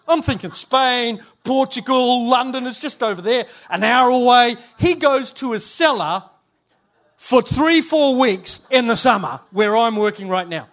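A man's voice: very high-pitched, expressive, unhurried, fairly bright tone. A man, a church leader giving a humorous storytelling talk at a conference, chatty and self-interrupting, laughing at his own stories.

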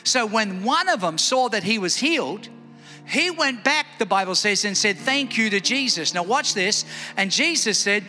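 Male preacher, high and lively, in a reverberant hall with light music underneath. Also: moderate pace. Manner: lively, calls for congregation responses. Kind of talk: sermon. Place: church hall. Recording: echoey hall with faint music.

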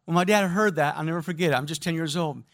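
High-voiced animated preacher. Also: male voice, fast talker. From American Midwest. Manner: storytelling, animated, addresses congregation directly. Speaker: pastor. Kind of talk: sermon.

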